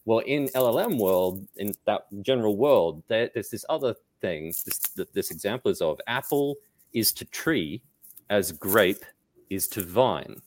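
Animated low-voiced man. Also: a little slow. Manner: energetic, restarts often, quotes himself acting out reactions. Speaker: data management guest speaker. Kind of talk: animated podcast conversation.

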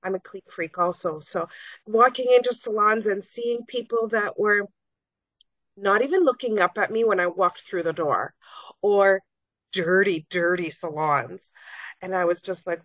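A woman's voice: medium pitch, moderate pace, no echo. Earnest woman telling a personal story. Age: middle-aged. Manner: earnest, re-enacts conversations in her own voice. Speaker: guest, salon owner. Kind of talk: personal storytelling in a podcast interview. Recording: dull, dry lo-fi recording.

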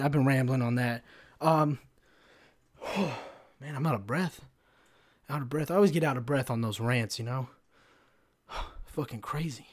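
A young man in his twenties rants alone on his podcast, heated and loose. He swears freely and wanders through his points with plenty of "like" and "you know," with a pitch in the middle for a man. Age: 20s. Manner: profane, rambling and heated; casual, filler-heavy. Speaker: podcast host. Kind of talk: solo podcast rant.

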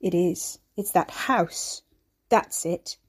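A woman voicing a frail, bedridden old man who croaks and wheezes and scolds with a sharp tongue. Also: fairly low pitch, takes it slowly. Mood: urgent.

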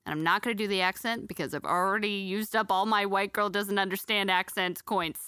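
A woman's voice: medium pitch, fairly even intonation, a little fast, bright, forceful tone, clear, resonant tone, no echo, clean studio sound. A young woman co-hosting a podcast, telling rambling comic stories with lots of laughing and swearing. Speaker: podcast co-host. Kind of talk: casual chat, comic storytelling.

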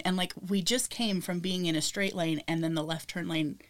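A woman's voice: on the low side, unhurried. A young woman co-hosting a podcast, telling stories in casual chat and laughing often. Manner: animated storyteller, laughs often. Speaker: podcast co-host.

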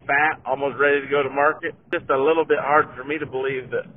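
A man's voice: medium pitch, little pitch movement, fast. A man hosting a podcast, chatting casually and plainly with a guest over a phone line, using folksy comparisons. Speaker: podcast host. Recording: tinny phone line with faint noise.

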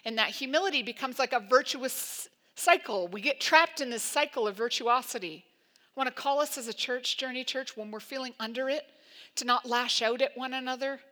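A woman pastor preaching a sermon in an emphatic, conversational way, full of "like" and quick asides. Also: sits high, sharp tone.

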